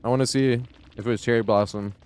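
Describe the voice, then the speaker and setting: A man's voice: medium pitch, fairly even intonation, fast, a little mellow, slight background noise. A man live-streaming a game, chatting casually in a rambling, profane way, chuckling often. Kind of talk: casual live-stream chat while gaming.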